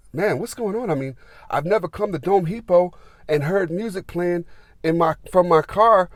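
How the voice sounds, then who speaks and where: A man's voice: high voice, no room sound. A man, telling a rambling, filler-heavy story as a gardening vlogger. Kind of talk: casual storytelling.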